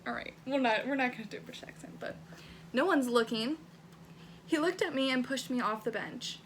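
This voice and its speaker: A young adult woman vlogs casually while reading her old teenage writing aloud, swearing freely and laughing at herself. She speaks fairly quickly in a high-pitched voice, with a little hiss or hum in the audio.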